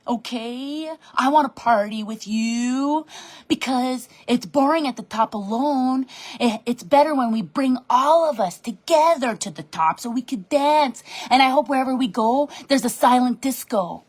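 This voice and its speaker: A woman leading her sales team in a bubbly, animated live-stream pep talk from her home office desk, reading and answering comments as she goes. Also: a little high, normal speed. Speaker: direct sales team leader.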